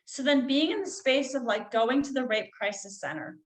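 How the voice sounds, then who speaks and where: A woman's voice: sits high, expressive, moderate pace, reverberant, low-quality recording. A woman, a healer guest on a podcast, telling a personal story in a casual, chatty way with many "like" and "you know" fillers.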